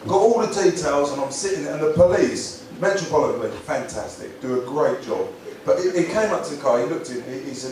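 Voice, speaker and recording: A man from Essex with an Essex accent, telling stand-up comedy stories in a deadpan way with stumbling restarts. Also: fairly high pitch, fairly quick, few pauses. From Basildon, Essex, England. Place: live event venue. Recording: echoey live room, distant mic, noisy.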